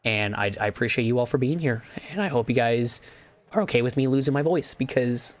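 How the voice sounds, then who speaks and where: A young man who has nearly lost his voice, calling and recapping a race with excitable, repeated exclamations. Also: medium pitch, fairly quick. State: hoarse, losing his voice. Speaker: race commentator and channel host. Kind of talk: play-by-play race commentary and recap.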